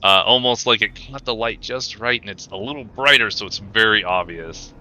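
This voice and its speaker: A man's voice: fairly low pitch, normal speed, bright, forceful tone, dull audio. A man running a tabletop game as game master, narrating casually with lots of fillers.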